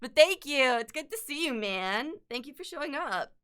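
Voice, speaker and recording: A woman's voice: high voice, expressive, moderate pace, a bit bright. A young woman chatting casually as an art streamer while she sketches, rambling, swearing a lot and laughing often.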